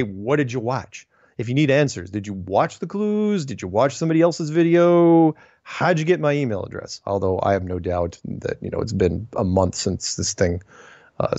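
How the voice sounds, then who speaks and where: A man's voice: lowish voice, moderate pace, gravelly, darkish tone, no echo, muffled recording. Wry man reading listener mail. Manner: wry, digressive, self-correcting, with puns. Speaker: host reading listener emails. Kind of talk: casual solo commentary.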